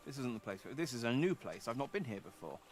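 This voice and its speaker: A man's voice: mid-range voice, big pitch swings, fast talker, darkish tone, soft background music. A man streaming as a VTuber, chatting casually through a game and often correcting himself mid-sentence. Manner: rambling, self-correcting, chatty. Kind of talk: casual gameplay commentary.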